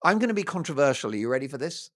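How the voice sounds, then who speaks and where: A man hosting his own talk show, talking straight to his viewers in a jokey, animated monologue. His pitch swings widely as he riffs, teases and drifts into playful asides. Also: racing. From United Kingdom. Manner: playful, jokey, breaks into mock Italian and snatches of song.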